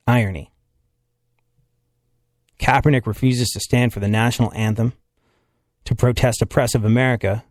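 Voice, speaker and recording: A man's voice: mid-range voice, a little mellow, dry recording, clean studio sound. A male radio host joking casually with his co-host in a wry, laughing manner. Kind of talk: casual comedic radio chat.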